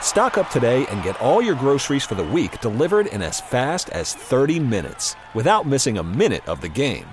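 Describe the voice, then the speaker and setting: A man reading a scripted commercial in a smooth, steady way. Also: mid-range voice, normal speed, hardly any pauses, noisy background. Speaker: ad voice-over.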